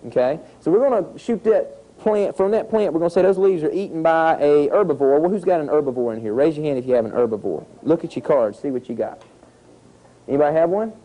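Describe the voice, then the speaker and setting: Male nature educator, mellow voice, animated storyteller for a kids' outdoor lesson. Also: a little high, fast, low-quality recording. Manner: animated storytelling with sound effects. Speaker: environmental educator.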